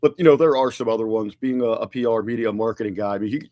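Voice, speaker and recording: A man's voice: on the low side, quick pace, a little mellow, dry recording. A man co-hosting a podcast, reviewing in a casual, conversational way with frequent fillers and restarts. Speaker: podcast co-host.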